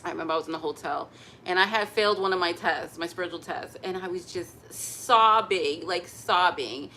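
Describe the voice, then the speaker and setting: A woman chatting casually to camera at home, expressive and open about her feelings. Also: lowish voice, normal speed, slight background noise. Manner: chatty and emotionally expressive, breaks into gospel singing. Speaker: vlogger.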